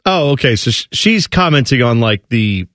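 A man co-hosting a sports radio show, bantering casually with quick incredulous retorts. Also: medium pitch, very animated, fairly bright tone, no room sound, studio quality. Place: radio studio.

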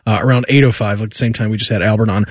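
A man hosting a morning sports radio show, reading promos and segues at a brisk pace. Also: on the low side, steady tone, dry recording, studio quality. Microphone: studio microphone.

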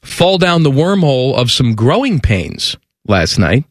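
A man co-hosting a radio show in casual banter, animated and mocking. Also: medium pitch, unhurried, no room sound, clean studio sound. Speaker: radio co-host.

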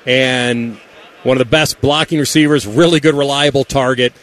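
A man's voice: mid-range voice, fairly even intonation, moderate pace, a bit bright. A man co-hosting a sports radio show from a broadcast booth, telling stories in a laid-back way. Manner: laid-back, storytelling, trails off and restarts. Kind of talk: casual radio banter. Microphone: studio mic.

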